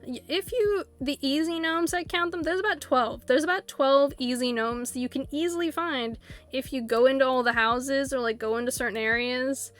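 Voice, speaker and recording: High-voiced giggly woman streamer. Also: moderate pace, fairly bright tone. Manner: chatty and giggly, rambling with frequent laughs. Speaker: game streamer. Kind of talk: casual live-stream chat while playing.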